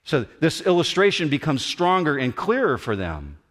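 A man preaching a sermon as pastor, animated and acting out the voices he quotes. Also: a little high, normal speed. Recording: long hall reverb.

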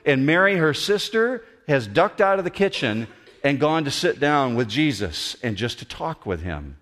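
A man preaching a sermon as pastor, animated and acting out the voices he quotes. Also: fairly high pitch, moderate pace. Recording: long hall reverb.

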